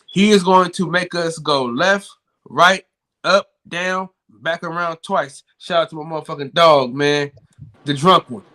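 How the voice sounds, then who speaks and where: A man's voice: on the high side, a little slow, bright, forceful tone. A man co-hosting a live boxing talk stream, joking and repeating himself in casual banter. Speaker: podcast co-host.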